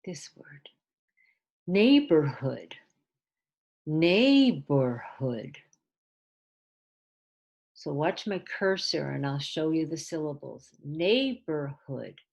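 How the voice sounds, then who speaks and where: A woman teaching English as a second language, slowly modeling words one at a time in a deliberate pronunciation drill. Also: sits low, dull audio. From came to the area as an adult. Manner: clear, deliberate word-by-word modeling. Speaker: ESL teacher.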